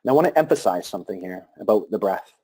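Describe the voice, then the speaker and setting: A man giving a live talk to an audience about meditation and breathing, speaking calmly with pauses and restarts. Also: on the low side, husky.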